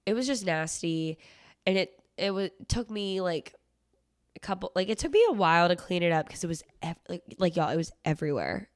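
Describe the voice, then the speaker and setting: A young woman hosts her own podcast in loose, casual chat. She rambles, swears freely and leans on "like" constantly. Her voice sits a little low, recorded close and dry. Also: normal speed, clean tone, no room sound. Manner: rambling, profane storytelling with many "like" fillers. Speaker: podcast host.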